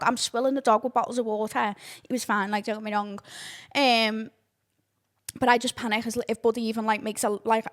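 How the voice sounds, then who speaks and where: A young woman, hosting a casual podcast, oversharing and swearing freely in animated outbursts. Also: fairly high pitch, fast talker. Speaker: podcast host. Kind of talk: casual chat.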